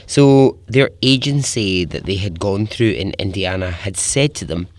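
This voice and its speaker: A man's voice: low voice, unhurried, no room sound. A man hosting a podcast, telling a story in a chatty, informal way, chuckling often and swearing casually. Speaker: podcast host.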